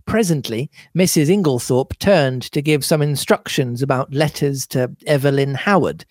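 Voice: medium pitch, normal speed, dry recording. A podcast co-host reading a novel aloud and laughing often in the breaks. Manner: lively, laughs often between passages.

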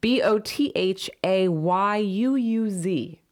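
A woman from South Florida in a relaxed chat, laughing often and spelling words out letter by letter. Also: medium pitch, takes it slowly. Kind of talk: casual chat.

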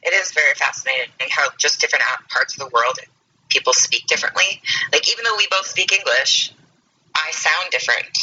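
A man's voice: on the high side, animated, a little fast, bright, forceful tone, slight background noise. A Canadian man co-hosting a podcast in casual chat, laid-back and agreeable. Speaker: podcast co-host. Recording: muffled distant remote audio.

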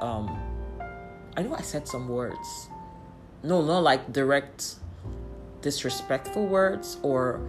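Low-voiced woman telling a candid story. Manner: candid, lively, laughs often, exasperated asides. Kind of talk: casual storytelling.

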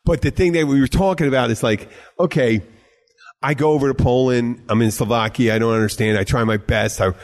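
A man's voice: mid-range voice, fairly quick. A man hosting a podcast in casual chat, rambling and emphatic, with lots of restarts and swearing. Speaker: podcast host.

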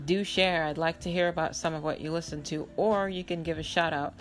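Female podcast host, deep-pitched, informal solo chat with listeners. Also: steady tone, a little fast, faint music behind. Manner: chatty, informal, trailing fillers.

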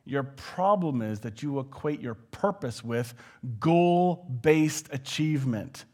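A man delivering a sermon from the pulpit, speaking at a middle pitch in a loose, conversational manner. He drops into little quoted phrases of everyday talk as he preaches. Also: takes it slowly. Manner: conversational, with animated quoted asides. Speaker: pastor.

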